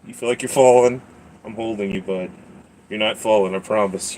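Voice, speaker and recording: A man's voice: mid-range voice, moderate pace, long pauses, a little hiss or hum. A man hosting a casual livestream, rambling, laughing often and talking to his cat. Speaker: livestream host.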